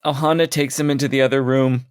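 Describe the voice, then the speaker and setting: Relaxed podcast co-host reading passages. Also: male voice, mid-range voice, fast, smooth, dry recording. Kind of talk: casual book discussion podcast.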